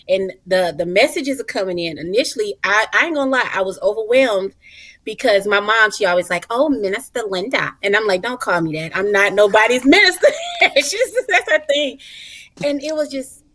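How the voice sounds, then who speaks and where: A woman, a mother, chatting as a guest on a talk show, animated and expressive, laughing often and calling people honey and child. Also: a little high, normal speed, no echo. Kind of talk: casual talk show conversation.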